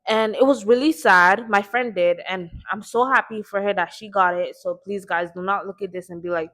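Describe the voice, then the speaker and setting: A woman's voice: medium pitch, normal speed, fairly bright tone. A teenage girl hosting her own faith podcast, talking in an earnest, chatty way with a slight lisp and many repeats. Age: teens. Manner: chatty, earnest, often repeats herself and says like. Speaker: podcast host. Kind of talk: casual faith vlog talk.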